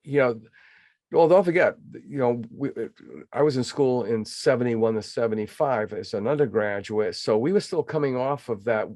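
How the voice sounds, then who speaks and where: A man in his sixties from New England, hosting a podcast in casual interview chat, telling stories in an animated way with lots of fillers. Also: mid-range voice, moderate pace, dry recording, studio quality. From New England, USA. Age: 60s. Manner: animated storyteller with many fillers. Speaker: podcast host.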